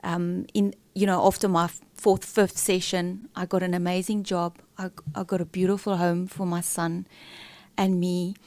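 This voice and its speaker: A woman's voice: on the low side, flat delivery, moderate pace, darkish tone, no room sound. A middle-aged woman, a podcast guest, telling a candid, emotional personal story with many fillers and restarts.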